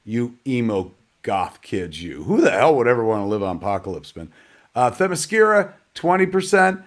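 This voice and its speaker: A man's voice: medium pitch, big pitch swings, normal speed. A man hosting a live online premiere in a casual, rambling way, joking about himself and cursing now and then. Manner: rambling, joking, self-mocking, salty language. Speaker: host of a live digital premiere.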